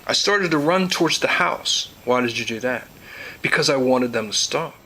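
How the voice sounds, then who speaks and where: A man host reading court testimony aloud in a plain, measured way, covering both questions and answers. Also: medium pitch, animated, sharp tone, slight background noise, low-quality recording. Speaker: host and narrator.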